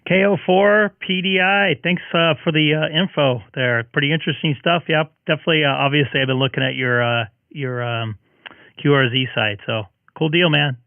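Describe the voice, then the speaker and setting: Casual ham radio host, a man going hoarse, relaxed and halting, dry close mic. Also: on the high side, dry recording, narrow, tinny audio. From Southern California. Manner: relaxed, halting with many fillers. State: losing his voice. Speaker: ham radio live streamer.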